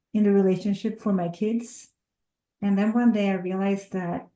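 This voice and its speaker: A woman author and life coach speaking as an interview guest, earnest and reflective, sometimes halting. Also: mid-range voice, warm tone, roomy sound, rough recording. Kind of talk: interview chat.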